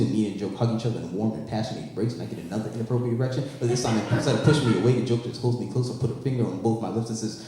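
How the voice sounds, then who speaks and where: A man doing a stand-up set on a club stage, excitable and laughing at his own jokes. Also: fairly low pitch, very fast, hardly any pauses, slight background noise. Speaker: stand-up comedian. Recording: echoey club, distant reverb.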